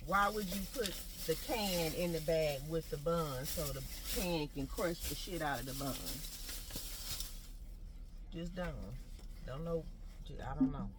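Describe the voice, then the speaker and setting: A woman, vlogging in a blunt, profane, animated rant. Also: lowish voice, noisy background. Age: 40s. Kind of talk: casual ranting chat.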